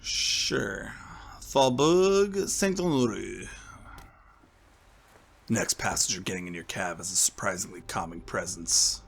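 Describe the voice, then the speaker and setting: Low-key man reading game text. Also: steady tone, moderate pace, vocal fry, few pauses, bright, forceful tone, slightly rough. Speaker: gaming video creator. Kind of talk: reading game text aloud, casual commentary.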